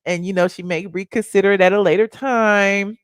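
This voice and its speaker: A woman's voice: medium pitch, fairly even intonation, a little fast, clear, resonant tone, dry recording, studio quality. A woman hosting a live celebrity gossip show, chatting casually and reacting to clips with a lot of "okay" and "honey".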